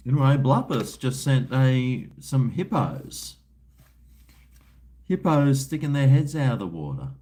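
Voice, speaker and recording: Australian male streamer, relaxed unhurried delivery, mid-range voice, casual slangy chat. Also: mid-range voice. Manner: laid-back rambling, chuckles, crude slang. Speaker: livestream host. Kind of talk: casual livestream chat while drinking.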